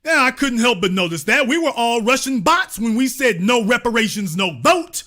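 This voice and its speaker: A middle-aged man hosts his own show with a high, lively voice that swoops up and down. His tone is bright and sharp, and he talks in mocking, theatrical rhetorical questions. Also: moderate pace. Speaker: online show host. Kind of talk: sarcastic political commentary.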